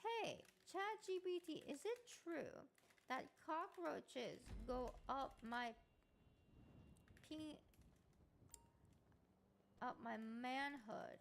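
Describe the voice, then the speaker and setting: A woman streamer chatting casually and excitably on a live stream, laughing and talking back to a chatbot. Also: high-pitched, very slow, vocal fry, pauses often, slight background noise.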